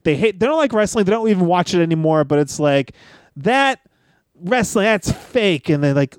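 High-voiced, rambling male podcaster. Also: lively intonation, normal speed, clean tone, dry recording. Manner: reflective, rambling with fillers. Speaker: podcast co-host. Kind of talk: casual podcast chat.

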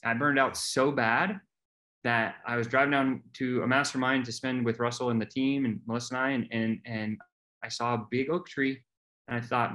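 A man of middle pitch speaks as a podcast guest, recounting his story in a candid, earnest way. He often stumbles, restarts and repeats his words as he talks. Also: steady tone, normal speed, a bit bright.

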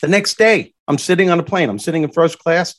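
A man, a former stand-up comic, telling stories lively in an interview and acting out the people he quotes. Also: a little high, fairly quick. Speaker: guest, comedian turned motivational speaker. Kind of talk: animated storytelling interview.

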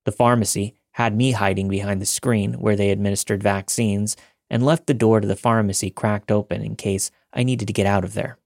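A man narrating a true horror story in a calm, steady, scripted reading. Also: fairly low pitch, fairly quick, vocal fry, no room sound, studio quality.

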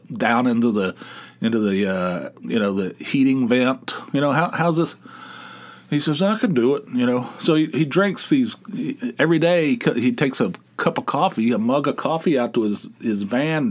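Male podcast host, mid pitch, loose and rambling, restarts sentences, chuckles as he tells stories. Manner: rambling, self-interrupting, laughs at his own stories. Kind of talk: casual solo storytelling.

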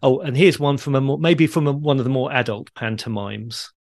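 A man hosting a podcast, calmly explaining in a dry storytelling way and delivering groan-worthy jokes. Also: mid-range voice, brisk. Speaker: podcast host. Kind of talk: conversational explaining.

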